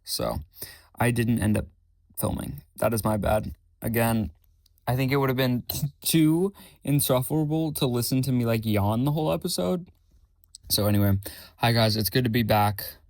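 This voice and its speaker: A young man hosting his own podcast, chatting casually with a rambling, self-correcting, rather monotone delivery. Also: medium pitch, normal speed, gravelly, dry recording. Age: young adult. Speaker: podcast host. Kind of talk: casual solo podcast chat.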